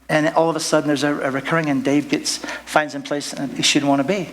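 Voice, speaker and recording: A man's voice: fairly high pitch, little pitch movement, fast talker, hardly any pauses. A man preaching a sermon at a church service in a rambling, jokey way, full of asides, on a stage microphone. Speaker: pastor.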